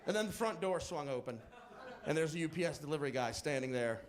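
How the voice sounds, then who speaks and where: A man performing a stand-up comedy routine, telling a story with animated delivery and acting out the people in it. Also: fairly high pitch, fast, crowd noise. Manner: animated storytelling, acts out characters, shouts punchlines.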